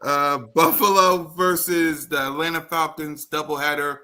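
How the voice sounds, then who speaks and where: A man hosting a sports podcast in a slightly high, bright, forceful voice. He moves the talk along and calls on his co-hosts one by one. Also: steady tone, normal speed. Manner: moderating, calling on co-hosts. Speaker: podcast host. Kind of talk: casual sports chat.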